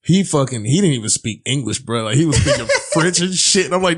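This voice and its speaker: A man's voice: a little high, a little fast. A man from Chicago, a guest on a podcast, telling stories in casual chat, swearing often and laughing. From Chicago, United States. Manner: profane, laughing, animated storytelling.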